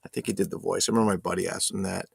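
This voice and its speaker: Gravelly low-voiced man hosting a live stream. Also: fairly even intonation, rapid-fire, dry recording, studio quality. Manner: loose and joking, swears, reads viewer chat aloud. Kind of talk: casual live stream chat. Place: home streaming setup.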